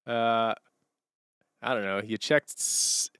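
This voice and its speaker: A man on a live stream, talking loosely and rambling as he answers chat from a hardwood floor at home. His voice is smooth and crisp in a dry, close-miked sound. He laughs easily between thoughts. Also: medium pitch, expressive, unhurried, a bit bright, no room sound. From Canada. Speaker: streamer and musician.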